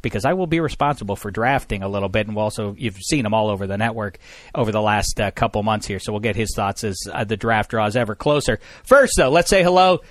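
A man's voice: lowish voice, fast, no echo. A man hosting a casual studio podcast, jokey and playful as he introduces guests. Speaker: podcast host.

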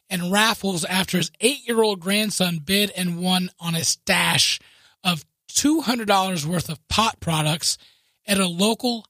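Chatty co-host type, bright voice, laughs through the story, recorded close and dry. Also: medium pitch, no room sound. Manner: laughs often while telling stories, chatty asides. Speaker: podcast co-host. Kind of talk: casual chat, reading news aloud.

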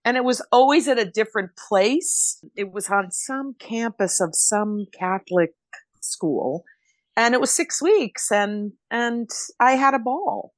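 A woman's voice: a little high, animated, measured pace, no room sound. Blunt older woman telling stories. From Rhode Island. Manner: blunt, candid, emotional storytelling. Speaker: guest, stage actress. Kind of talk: casual interview chat.

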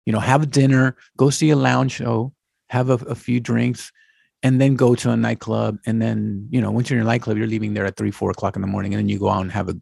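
Gravelly fifty-something man, casual rambling. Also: mid-range voice, quick pace, no room sound, studio quality. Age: 50s. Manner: animated, rambling, slips into Spanish exclamations. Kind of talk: casual chat.

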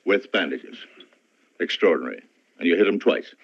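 An actor playing a skeptical middle-aged police inspector who asks brisk, doubtful questions. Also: male voice, low-pitched, expressive, gravelly, exaggerated voice. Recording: dull old film soundtrack.

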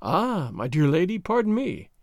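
A man reading an audiobook, voicing a sly, sarcastic French agent who speaks quietly with mock gallantry. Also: high-pitched, sing-song, normal speed, dry recording, clean studio sound. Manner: quiet, smooth, mockingly gallant. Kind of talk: audiobook character voice.

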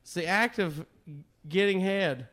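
A man's voice: high voice, lively intonation, unhurried, fairly bright tone. A man co-hosting a podcast at a house party, joking crudely and laughing often. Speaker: podcast co-host. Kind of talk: rowdy party banter.

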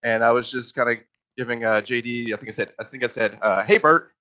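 A man guest on a podcast, animated and laughing often as he tells stories from a past job on set. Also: mid-range voice, fast talker, rough recording. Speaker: guest, former stand-in. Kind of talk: casual podcast chat.

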